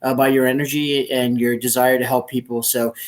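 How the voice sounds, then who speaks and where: A man's voice: medium pitch, level tone, fairly quick. A man hosting a podcast over a recorded online call, an earnest and encouraging life coach who reassures listeners.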